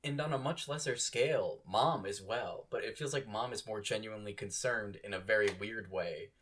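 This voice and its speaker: A man's voice: on the low side, moderate pace, a bit bright, slight background noise. A man co-hosting a podcast, recapping a drama in casual chat with wry, sarcastic asides. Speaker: podcast co-host.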